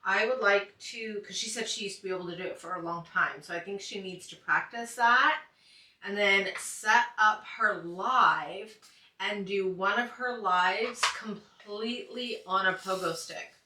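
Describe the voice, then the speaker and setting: A woman's voice: mid-range voice, a little slow, sharp tone, recorded from a distance. A woman hosting a casual online chat show, upbeat and chatty, laughing often. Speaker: show host. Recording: echoey room, a little off mic.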